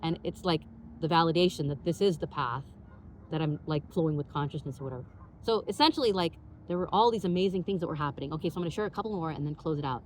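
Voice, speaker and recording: Fast-talking woman telling a personal story. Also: sits low, slight background noise. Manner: animated, full of "like" fillers and acted-out dialogue. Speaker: podcast host.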